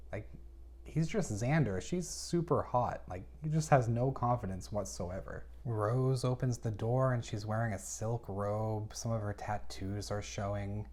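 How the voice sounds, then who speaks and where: A man with a slightly low voice talks through a novel's plot in a relaxed, conversational way. He breaks in often with exasperated, chatty reactions to the characters. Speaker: book reviewer. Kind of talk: casual plot recap with reactions.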